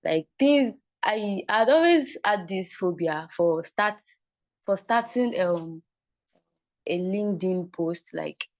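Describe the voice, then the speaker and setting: A woman's voice: medium pitch, lively intonation, slow, no room sound. A young woman, a recent graduate, giving an upbeat, chatty testimonial on a video call. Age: young adult. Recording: dull lo-fi call audio.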